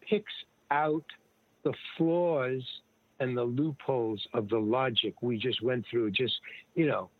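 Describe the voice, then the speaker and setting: An older man, an interview guest, telling stories in a rambling, casual way, full of restarts and lively retold dialogue. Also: medium pitch, slow. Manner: rambling, with many restarts and animated retelling of dialogue. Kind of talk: casual storytelling. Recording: dry, tinny phone-like line.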